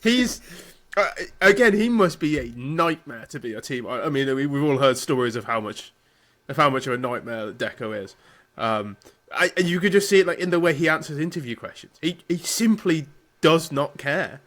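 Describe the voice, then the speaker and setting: A man's voice: a little high, animated, moderate pace, fairly bright tone. A man co-hosting a podcast in casual banter, with dry, self-deprecating humor. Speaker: podcast co-host.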